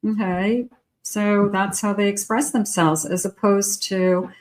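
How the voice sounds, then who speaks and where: A woman's voice: medium pitch, fairly even intonation, slow. A middle-aged woman giving a channeled love tarot reading in a conversational way, now and then acting out imagined lines for the person in question. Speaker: tarot reader.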